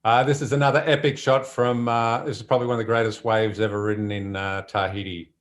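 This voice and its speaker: A man, a surf photographer telling stories from his trips in a relaxed, chatty way with frequent laughs. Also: fairly low pitch, quick pace. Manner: relaxed and chatty, laughs often, many fillers. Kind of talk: casual conversational storytelling.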